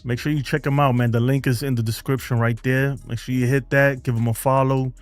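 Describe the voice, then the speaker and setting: A man's voice: medium pitch, flat delivery, brisk, smooth, faint music behind. A man hosting a casual baseball fan stream from home, laughing often and saying "man" and "bro" a lot. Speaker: baseball fan channel host. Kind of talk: casual live-stream chat reading viewer comments.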